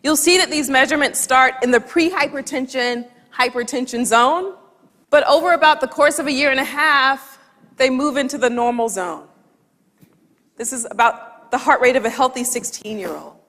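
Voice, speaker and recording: A woman with a fairly high voice tells a funny story in front of an audience, bringing each line of dialogue to life. Her voice carries a long reverb, as in a large hall. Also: normal speed. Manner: lively, humorous storytelling with quoted dialogue. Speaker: speaker. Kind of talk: storytelling talk.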